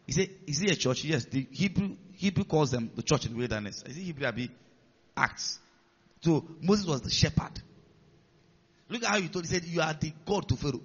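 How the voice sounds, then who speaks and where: A man preaching to his congregation, his voice sitting a little high for a man. He teaches step by step and keeps asking the listeners whether they are following him. The sound rings with long reverb and comes across muffled. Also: expressive, moderate pace, long pauses, a bit bright. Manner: teaching with rhetorical questions to the congregation. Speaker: pastor. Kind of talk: sermon.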